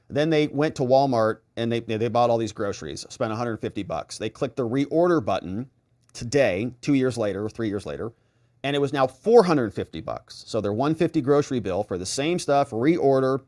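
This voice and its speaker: A man's voice: mid-range voice, a little mellow, dry recording, studio quality. A man hosting a live stream, chatting casually and reading viewer comments aloud with sarcastic asides.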